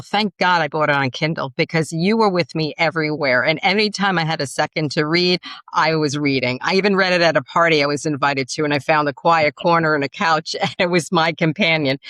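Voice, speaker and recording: A woman with a New York accent, a podcast co-host introducing a guest's book with expressive, enthusiastic emphasis. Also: low voice, no echo.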